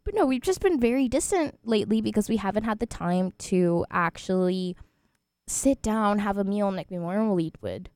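A woman's voice: mid-range voice, lively intonation, normal speed, darkish tone, no room sound, clean studio sound. A twenty-year-old woman hosting a student radio show, chatting casually and rambling with frequent laughs. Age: 20s.

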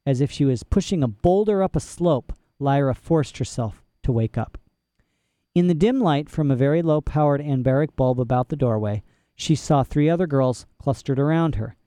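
A man narrating a novel in a measured storytelling manner. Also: mid-range voice, dark tone, no echo, clean studio sound. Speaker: audiobook narrator. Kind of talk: scripted narration.

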